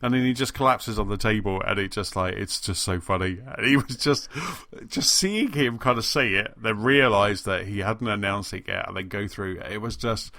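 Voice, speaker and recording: A man's voice: lowish voice, moderate pace, hardly any pauses, bright, forceful tone, no room sound, studio quality. A man co-hosting a casual gaming podcast, telling a story in a chatty way and laughing often. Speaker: podcast co-host.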